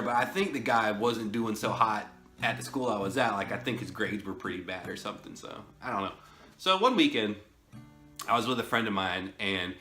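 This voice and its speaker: A man's voice: lowish voice, pushed and bright. A man telling a story in a casual, rambling way, often chuckling. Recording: roomy echo, faint music.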